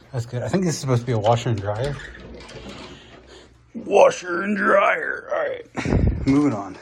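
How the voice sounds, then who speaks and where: A man giving an excited, out-of-breath handheld room tour of a vacation apartment, exclaiming at each room. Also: medium pitch, slight background noise. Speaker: vlogger.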